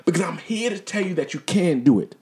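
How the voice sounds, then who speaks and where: A middle-aged podcast host with a high-pitched, animated, fairly quick voice and a darkish tone delivers a motivational monologue. He's earnest and exhortative, but his speech is repetitive, stumbling and full of repeated words.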